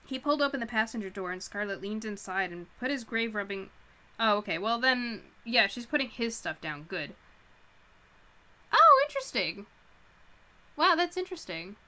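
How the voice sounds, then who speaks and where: A woman reading a novel aloud for a live audience, with a bright, crisp voice. She breaks off often for casual, chatty asides and reactions. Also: mid-range voice, a little fast. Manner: stops to comment and react informally. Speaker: streamer reading a book aloud.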